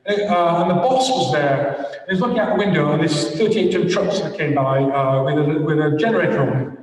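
A man's voice: on the high side, brisk. An older man giving a guest lecture and answering questions, talking in an enthusiastic, rambling, anecdotal way. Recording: echoey hall from far off.

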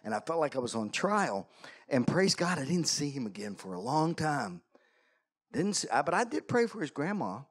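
Man, pastor, sermon, animated storyteller, self-deprecating humor, slightly high voice. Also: normal speed, breathy edge. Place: church sanctuary.

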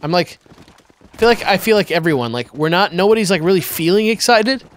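A man's voice: sits high, lively intonation, a little fast. A young man hosting a let's play, chatting casually with rambling fillers. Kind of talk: casual gaming commentary.

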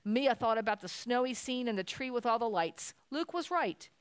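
A woman's voice: on the high side, lively intonation, moderate pace, clear, resonant tone, no echo. A woman reading a children's Christmas story aloud at a church service, telling it expressively.

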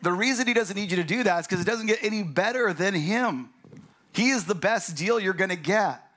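A man's voice: high voice, a little fast, fairly bright tone. A male pastor giving a conversational sermon, acting out the voices of the people he quotes.

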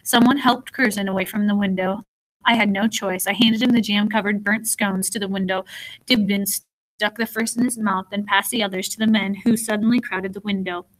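A woman's voice: medium pitch, moderate pace, rough recording. Woman narrating an audiobook. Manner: even, first-person storytelling with small slips.

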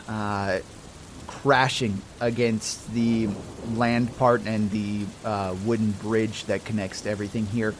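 A man narrating a tabletop role-playing game as game master, slow and descriptive with frequent restarts. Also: fairly low pitch, slight background noise.

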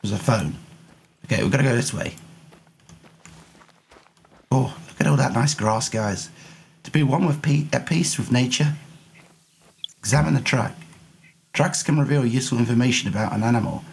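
A young man streaming a game with commentary, hoarse from illness, goofy and quick to shrill yelps.

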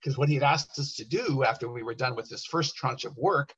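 A man speaking at a workshop, telling a story with animated bursts when he quotes people. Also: medium pitch, fairly quick, slightly rough. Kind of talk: storytelling talk. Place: workshop room. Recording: dull lo-fi workshop recording.

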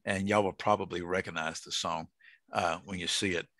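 A man's voice: low-pitched, steady tone, moderate pace, sharp tone, no room sound. A man, teaching a casual Bible study to an online group. He jokes and asks the group questions.

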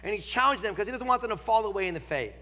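Nasal man with a Northern American accent preaching in a large church; emphatic, slows on key lines, bright edge, reverberant hall. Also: sits high, lively intonation. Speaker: guest preacher. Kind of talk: sermon.

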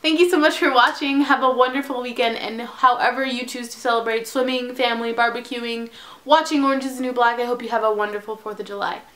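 A woman's voice: fairly high pitch, fairly even intonation, quick pace, a bit bright. A woman gushing through a casual haul vlog from her bedroom, bubbly and chatty, sometimes dropping to a whisper. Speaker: haul vlogger.

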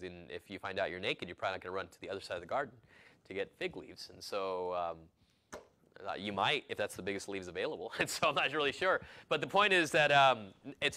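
A man's voice: medium pitch, pushed and bright. A male pastor preaching a sermon in a church, shifting from easygoing conversational asides to emphatic declarations. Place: church sanctuary.

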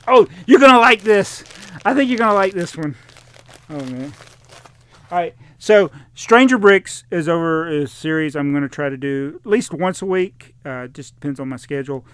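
Unboxing toys, a vlogger who collects them vents about dinged-up packaging in a chatty, exasperated way and reads out comments from viewers. His voice is a little high, and the recording has no room sound.

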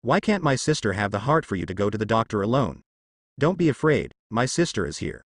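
A man's voice: on the low side, big pitch swings, brisk, slightly rough, dry recording, studio quality. A man voicing a coaxing, sly older sister in a storybook. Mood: falsely gentle.

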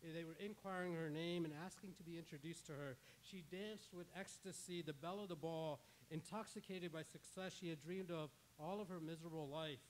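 A male pastor with a somewhat high voice preaches in church. He spins a story dramatically and voices the characters' lines himself. A faint hiss runs under the recording. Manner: dramatic retelling with quoted dialogue. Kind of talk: sermon storytelling.

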